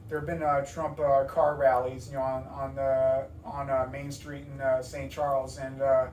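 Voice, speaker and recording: A man's voice: medium pitch, completely flat delivery, normal speed, a little mellow, slight background noise. A young man in an interview, talking casually and rambling with many fillers and restarts. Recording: roomy, distant mic.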